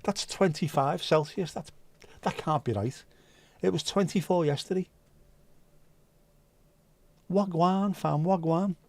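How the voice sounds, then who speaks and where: A man's voice: a little high, moderate pace, gravelly, a little mellow, breathy edge, no echo. A man hosting a casual livestream, chatting loosely, swearing and rambling as he reads viewer comments. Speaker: livestream host.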